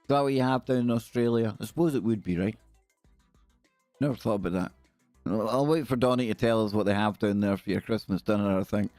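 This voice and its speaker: A man's voice: fairly low pitch, fairly quick, darkish tone, no room sound, faint music behind. A Scottish man hosting a live stream in casual, jokey, rambling chat. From Scotland.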